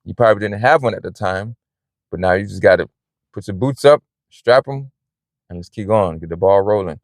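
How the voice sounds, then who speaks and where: Man, casual vlogger, lowish voice, rambling and earnest, outdoors in a parking lot, dry sound. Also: a little fast, no room sound. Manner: rambling and earnest, with frequent "man" and "you know". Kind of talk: casual personal vlog talk.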